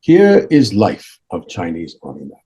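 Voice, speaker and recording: A gentle elderly monk, as a man puts him on, speaks in slow, halting broken English with calm authority. The voice sits a little higher than the speaker's own and carries a soft, husky breath. Each phrase is weighed and unhurried. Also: dull audio, heavily acted. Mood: teaching. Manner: calm, measured teaching tone. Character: serene elderly male monk, gentle and wise.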